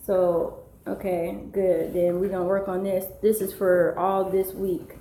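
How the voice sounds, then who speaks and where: A mother hosts a casual live stream from home with her children nearby, her low-ish, dark voice flat and unhurried. She reads viewers' comments and rambles in slang, constantly getting sidetracked. The room is echoey, with faint background noise.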